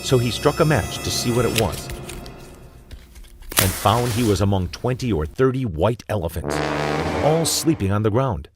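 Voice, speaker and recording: Storybook narrator: man, low, steady and vivid, music bed underneath. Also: moderate pace, pauses often. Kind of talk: storybook reading for children. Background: background music.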